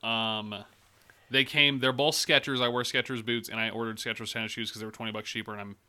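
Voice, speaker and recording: Young man, very bright tone, casual podcast chat, sarcastic storyteller who swears a lot. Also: medium pitch, level tone, fairly quick, clean tone. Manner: rambling, profane, sarcastic storytelling.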